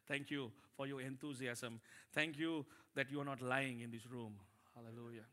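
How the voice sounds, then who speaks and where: A pastor delivering a lively sermon, calling out to his congregation and building his emphasis. His voice is high and very bright, with a sharp, ringing edge. He is speaking in a church. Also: normal speed, long pauses. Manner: animated preaching with rising emphasis and audience call-and-response.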